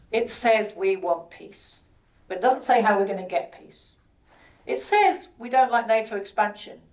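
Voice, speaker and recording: A British woman delivers a public speech in a fairly high voice, pressing her points with rhetorical questions and repeated words. Her voice is picked up from some distance away from the mic. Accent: British English. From Britain. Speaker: guest speaker at a political event.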